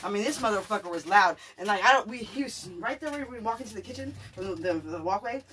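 A speaker telling a story casually to friends, animated and full of swearing. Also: medium pitch, fast. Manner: animated, profane, acts out what people said. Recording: distant mic with crowd noise.

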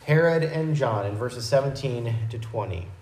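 A man preaching a verse-by-verse Bible teaching in a measured, explanatory way, with small restarts. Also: mid-range voice, darkish tone, roomy sound, low-quality recording.

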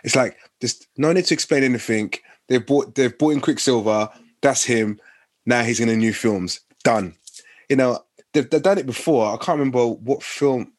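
A man's voice: mid-range voice, moderate pace. A young man rambling with many fillers in casual podcast chat.

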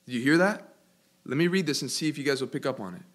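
A man preaching a sermon and asking his listeners questions, slowing and rising in pitch to stress key words. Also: animated, a bit bright.

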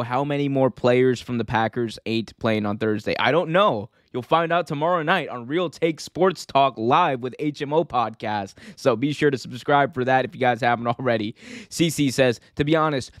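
A man's voice: medium pitch, moderate pace, no room sound, clean studio sound. A man co-hosting a casual wrestling podcast, joking around and reading viewer comments aloud. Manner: jokey, reads chat comments aloud. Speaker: podcast co-host.

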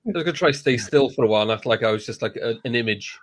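A man's voice: medium pitch, very fast, no room sound. A man chatting on a gaming podcast, laid-back and self-deprecating, with casual swearing. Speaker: podcast co-host.

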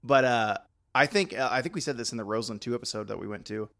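Male co-host, bright tone, rambling chat with high bursts of laughter. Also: fast talker, gravelly. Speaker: podcast co-host. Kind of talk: casual chat.

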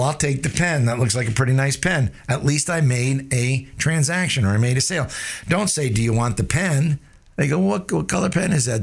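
Lively man coaching sales techniques. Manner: demonstrates pitch and tempo changes, rhetorical tag questions. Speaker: sales trainer. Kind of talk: sales training talk.

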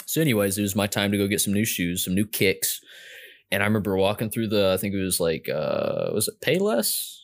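A man's voice: on the low side, brisk. A young man telling a story in casual chat, rambling and self-mocking with lots of fillers and restarts.

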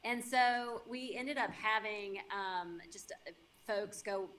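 A woman's voice: mid-range voice, slow, fairly bright tone. A woman guest in an interview, talking casually and thoughtfully with fillers.

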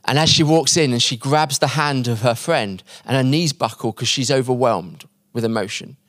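Male preacher at a conference, mid-pitched, dry close mic, storytelling sermon that goes soft at the moving parts. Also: no echo. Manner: acts out quoted voices in the story; drops quiet and slow at emotional points. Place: conference hall.

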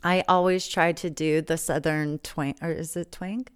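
A woman's voice: low-pitched, fairly even intonation, moderate pace, over a noisy crowd. Blunt laughing woman co-host. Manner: loud, laughing, blunt, swears freely. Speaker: podcast co-host. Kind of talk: casual podcast chat.

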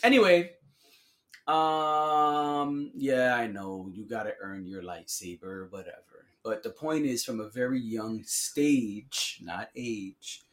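A man's voice: medium pitch, slow pace. A man co-hosting a casual podcast chat, talking in slang and acting out quotes with lots of energy. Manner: slangy, animated, acts out quotes. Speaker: podcast co-host.

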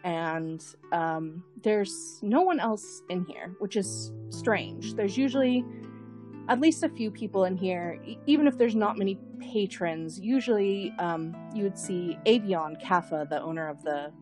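A woman narrating a tabletop role-playing scene as game master, unhurried, thinking aloud with frequent fillers and repeated words. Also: medium pitch, expressive, over music.

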